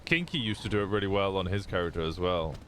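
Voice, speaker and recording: A man's voice: sits low, expressive, quick pace, fairly bright tone, slight background noise. A man streaming, chatting casually, rambling and swearing freely as he thinks aloud.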